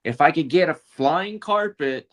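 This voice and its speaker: A man telling a story in a casual podcast chat, in a relaxed way, laughing often. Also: a little high, measured pace. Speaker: podcast guest.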